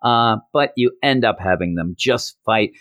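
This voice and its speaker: A man hosting a podcast, giving a casual, animated comic book recap and slipping into character voices. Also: lowish voice, measured pace, no echo, studio quality. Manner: animated storytelling, jumps into voices. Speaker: podcast host.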